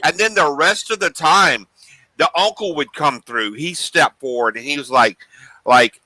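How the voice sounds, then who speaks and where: A man guesting on a podcast, telling animated stories in casual chat and acting out the voices he quotes. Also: fairly high pitch, normal speed, no room sound, poor audio. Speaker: guest paranormal investigator.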